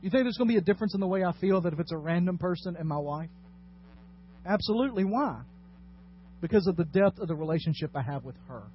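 A male pastor preaching a sermon, swinging between hushed and loud delivery. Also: high-pitched, lively intonation, fast talker. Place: church sanctuary. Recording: dull lo-fi sound with faint noise.

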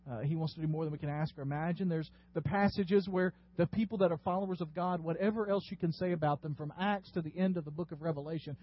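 A man's voice: fairly high pitch, lo-fi sound. A man preaching a sermon as pastor, earnest and exhorting. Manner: earnest, exhorting, rising to emphatic bursts.

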